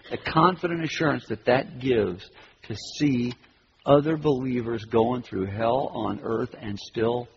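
A middle-aged male pastor preaching a sermon emphatically, swinging between loud stress and hushed asides. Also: medium pitch, vocal fry, big-room sound, highs cut off, background noise. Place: church sanctuary.

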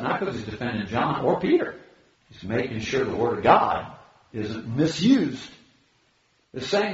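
A man preaching a sermon as pastor, animated, swinging between loud high exclamations and quiet low asides. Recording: echoey hall, dull lo-fi sound.

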